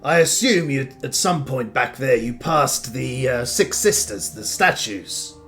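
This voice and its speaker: Weary caravan leader, resigned and unhurried, bright voice from the man doing him, tabletop game. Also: mid-range voice, lively intonation, soft background music. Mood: storytelling.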